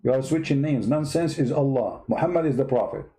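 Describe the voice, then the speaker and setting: A man's voice: mid-range voice, brisk, mellow. A man from the Middle East hosting comic religious commentary in a sarcastic, mock-dramatic way. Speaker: host.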